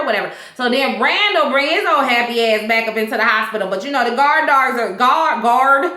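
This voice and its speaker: A woman casually recapping a TV episode, slangy and animated, laughing and acting out the characters' lines. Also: on the high side, moderate pace. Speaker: TV episode reviewer. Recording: echoey room.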